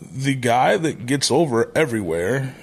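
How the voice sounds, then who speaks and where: A man in his thirties, a wrestler as podcast guest, speaking in a measured, thoughtful way. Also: medium pitch, animated, creaky, slightly rough. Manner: measured, deliberate delivery with frequent restarts. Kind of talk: thoughtful interview talk.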